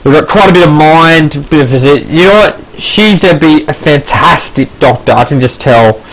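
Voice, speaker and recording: A man's voice: fairly high pitch, expressive, normal speed, a bit bright, rough recording. A man playing a text game, reading the story aloud with casual asides. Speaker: gamer. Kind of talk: casual let's play narration.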